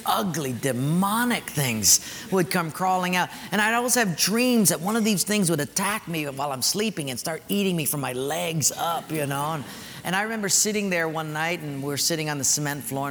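A man's voice: fairly high pitch, animated, moderate pace, fairly bright tone. A man preaching a sermon, telling a personal story with emphatic turns. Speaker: pastor. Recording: echoey hall, faint noise.

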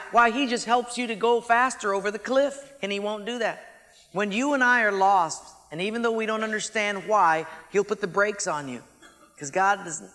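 A male preacher delivers a sermon in a high, bright voice, shifting from loud emphasis to quiet, slow lines. His voice rings with a long reverb from a large hall. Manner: dramatic, swings from loud to hushed.

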